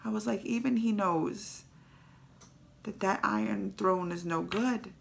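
Reaction-vlog host, woman, gravelly creaky voice, animated and teary storytelling. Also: medium pitch, unhurried. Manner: excitable, emotional storytelling with dialect phrases. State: emotional, teary. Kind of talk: casual reaction recap.

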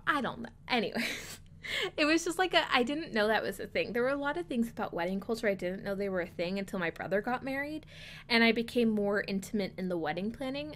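A woman's voice: mid-range voice, a bit bright, a little hiss or hum. A young woman telling a rambling story in a casual voice-over, chatty and often laughing between lines. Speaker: video creator.

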